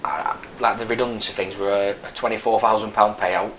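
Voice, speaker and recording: An army veteran in his thirties from Burnley, northern England, talks in a Lancashire accent in a casual interview, frankly rambling through his story with many restarts. His pitch is fairly low, his tone steady and fairly bright, and his pace brisk. The echoey room has faint noise.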